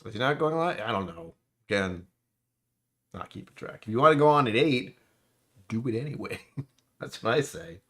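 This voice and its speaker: A man's voice: medium pitch, expressive, moderate pace, long pauses, fairly bright tone. A man hosting a live whiskey stream, chatting casually, rambling and correcting himself as he greets viewers. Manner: rambling, self-correcting, talks to chat.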